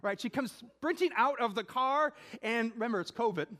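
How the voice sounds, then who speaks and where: A middle-aged man preaching a conversational sermon, telling a personal story with animated asides. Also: extremely high pitch, normal speed. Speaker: pastor.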